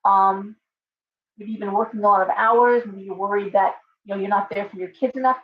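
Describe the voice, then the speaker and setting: A middle-aged woman chats her way through a tarot reading, talking loosely with fillers and restarts. Her voice is dulled and a little distant from the microphone, at an ordinary middle pitch. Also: steady tone, a little fast, a little hiss or hum. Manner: chatty, rambling, frequent fillers and restarts. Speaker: tarot reader. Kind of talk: casual live stream tarot reading. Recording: muffled audio from away from the mic.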